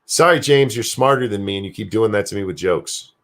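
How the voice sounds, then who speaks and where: Rambling casually on his solo live stream, this older grandfather from the United States reads the chat aloud and curses liberally. He speaks fairly quickly, with a fairly low pitch and a fairly bright tone.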